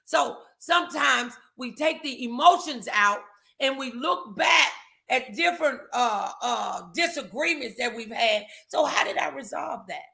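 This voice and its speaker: A woman's voice: high-pitched, expressive, unhurried, creaky, pushed and bright. A woman co-hosting a podcast, giving emphatic faith-based advice, repeating her phrases. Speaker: podcast co-host.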